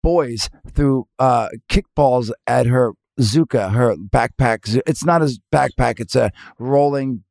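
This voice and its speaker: Man, gravelly, mid pitch, animated storyteller, casual podcast chat, dry close mic. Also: slow, few pauses, dry recording. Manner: animated storytelling, acts out quotes with laughs. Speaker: podcast co-host, father.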